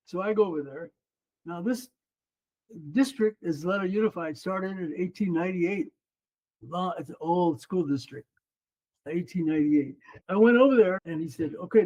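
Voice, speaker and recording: A man's voice: high-pitched, normal speed, highs cut off. A man in his seventies, a former runner and coach, telling a story in an interview and acting out the other people in it. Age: 70s. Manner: animated, acts out quoted voices.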